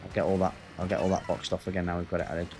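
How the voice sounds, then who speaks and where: A man from Northwest England streams a racing game, his low-pitched voice level and very fast over background music. He chats casually, swears and banters with chat.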